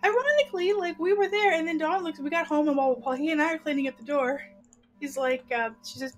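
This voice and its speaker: A middle-aged woman chats as a podcast co-host, telling a rambling story. Her high, swooping voice stays animated, and she acts out everyone's lines. She laughs often as she goes. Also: a little fast, faint music behind. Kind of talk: casual storytelling chat.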